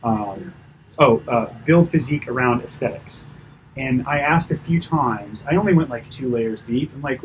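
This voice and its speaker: Guy trainer talking through a client session, chatty and lively, middle pitch, slight hiss behind. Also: moderate pace, rough recording. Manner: chatty, animated, many fillers and asides. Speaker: personal trainer. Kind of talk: casual coaching debrief.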